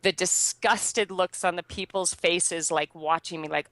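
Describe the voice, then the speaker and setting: Bright, dry-voiced woman telling a story. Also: lowish voice, unhurried, no echo, low-quality recording. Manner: lively, laughing, filler-heavy storytelling. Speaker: interview guest. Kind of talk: casual storytelling.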